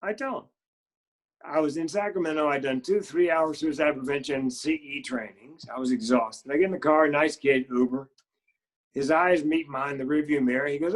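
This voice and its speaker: A man being interviewed as a guest comedian, telling stories and acting out the quotes in higher voices. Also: moderate pace. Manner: animated storyteller who acts out quotes in higher voices. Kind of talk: casual interview storytelling.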